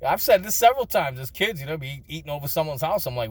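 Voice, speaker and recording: A man's voice: on the high side, expressive, fast, few pauses, no echo. A man telling crude, funny childhood stories in a casual vlog, swearing often and laughing between lines. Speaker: storyteller.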